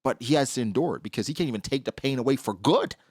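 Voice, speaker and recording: A man giving casual, slangy commentary on a comic chapter, acting out characters in quick asides. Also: medium pitch, animated, a little mellow, breathy edge, no echo, clean studio sound. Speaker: manga reaction host.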